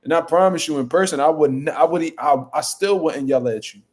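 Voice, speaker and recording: A man's voice: a little high, normal speed, darkish tone. A young man hosting a boxing channel, chatting casually on a livestream in a boastful, profane, rambling way.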